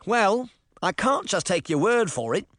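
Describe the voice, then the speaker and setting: A man voicing a flustered English boy who runs a front desk, with a high, shouting voice. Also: sing-song, unhurried, no echo, studio quality, full character voice. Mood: stubborn. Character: frantic boy assistant with English accent.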